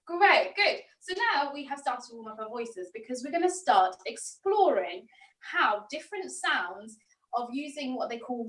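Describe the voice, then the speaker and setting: A woman's voice: fairly high pitch, far from the mic. Upbeat British woman leading a voice workshop. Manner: encouraging, playful, demonstrates voices. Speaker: drama workshop leader. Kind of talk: vocal warm-up lesson. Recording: roomy sound, a bit off-mic.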